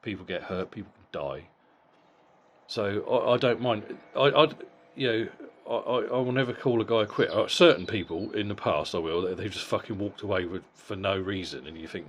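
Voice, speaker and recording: A man's voice: lowish voice, moderate pace, slight background noise. A middle-aged man giving a casual, blunt boxing fight review, swearing freely and often repeating words as he goes. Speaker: boxing vlogger.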